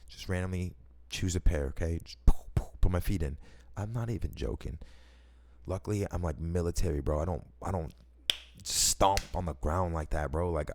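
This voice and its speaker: A man telling personal stories in a casual, rambling way, excitable and slangy, swearing often and restarting his sentences. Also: deep voice, normal speed, a little hiss or hum.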